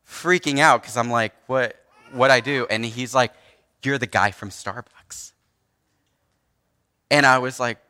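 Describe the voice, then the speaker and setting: A man's voice: mid-range voice, pushed and bright. A young man preaching, telling a personal story in a casual, earnest way with frequent restarts and fillers. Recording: long hall reverb.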